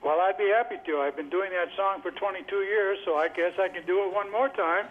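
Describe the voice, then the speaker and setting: Friendly guy picking up the phone, highish voice, lots of noise. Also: a little fast, phone-quality sound. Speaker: caller, impersonator. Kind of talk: phone call.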